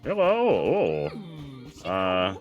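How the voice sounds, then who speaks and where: A man streaming a video game, talking casually with his viewers, excitable and swearing freely as he plays. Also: deep voice, extremely slow, highs cut off, faint music behind. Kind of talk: casual livestream commentary while gaming.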